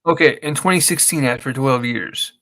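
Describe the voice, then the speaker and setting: A man's voice: medium pitch, normal speed, sharp tone. A man co-hosting a podcast in casual chat, rambling through a story and acting out what his friends said. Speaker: podcast co-host.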